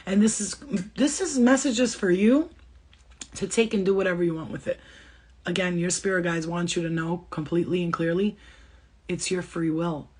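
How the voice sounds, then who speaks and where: Brief: woman channeler on a casual livestream, husky voice, quick and blunt, swears freely. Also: fairly low pitch, a little mellow. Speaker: spiritual channeler giving a reading.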